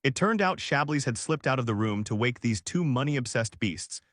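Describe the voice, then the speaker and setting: Male narrator, scripted story recap, steady, mid-pitched voice, dry close sound. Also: normal speed, no echo.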